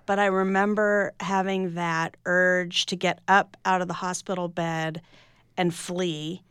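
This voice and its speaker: Smooth-voiced woman in a radio interview. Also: fairly low pitch, little pitch movement, a little slow, fairly bright tone, no room sound. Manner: candid, reflective, with frequent restarts. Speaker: author and guest.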